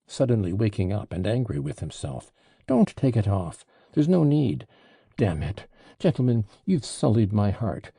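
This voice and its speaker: A man's voice: medium pitch, creaky, warm tone, breathy edge, no echo, studio quality, voice pushed up, exaggerated voice. A man reading an audiobook, voicing an agitated, proud young man under arrest in impassioned, indignant outbursts.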